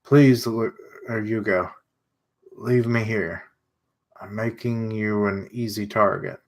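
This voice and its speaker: A man reading out a badly hurt young man who begs his friend to leave him. He speaks quietly and slowly, with a pleading tone. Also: fairly low pitch, fairly even intonation. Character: badly wounded young man, selfless and weary.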